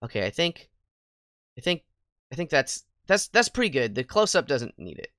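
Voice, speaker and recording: Bubbly goofy streamer woman with a low voice. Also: very animated, normal speed, a bit bright, no room sound, clean studio sound. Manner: bubbly and goofy, swings between squeals and mutters. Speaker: VTuber game streamer. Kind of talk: casual livestream chat with viewers. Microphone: headset mic. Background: faint game music.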